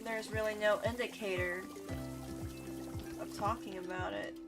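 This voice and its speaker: A woman gives relaxed, chatty commentary while she plays a video game. She thinks out loud at a slow, easy pace. Soft game music plays in the background. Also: mid-range voice. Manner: chatty, amused, thinking aloud. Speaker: gameplay streamer. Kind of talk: casual let's-play commentary.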